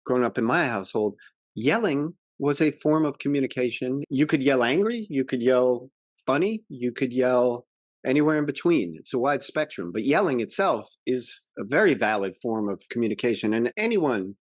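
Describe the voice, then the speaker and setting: A man's voice: medium pitch, animated, moderate pace, no room sound. Man, podcast co-host, casual movie recap, acts out quotes, dry mic.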